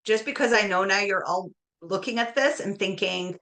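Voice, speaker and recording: A woman's voice: medium pitch, moderate pace, fairly bright tone. A woman on a podcast giving emphatic, encouraging advice in conversation.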